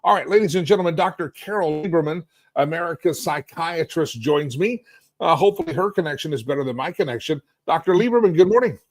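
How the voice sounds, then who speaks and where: Sarcastic, animated male talk host. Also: a little high, fast talker, dry recording. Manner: sarcastic, animated, rambling with restarts. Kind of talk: live political commentary stream. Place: hotel suite.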